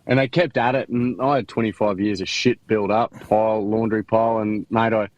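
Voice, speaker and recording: With a lowish voice, steady tone and moderate pace, an Australian man from Queensland gives candid interview storytelling about his life as a podcast guest. He's frank and slangy, with many restarts and fillers. The audio is poor.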